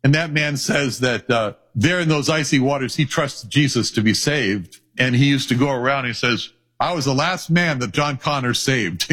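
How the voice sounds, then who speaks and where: A man's voice: medium pitch, fairly bright tone, breathy edge. A male pastor preaching an earnest sermon, reading scripture aloud.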